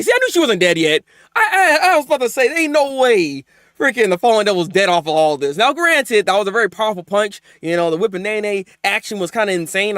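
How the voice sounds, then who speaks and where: A man streaming a live manga reaction. He gets excited, laughs often and chats with his viewers. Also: high-pitched, dry recording, clean studio sound.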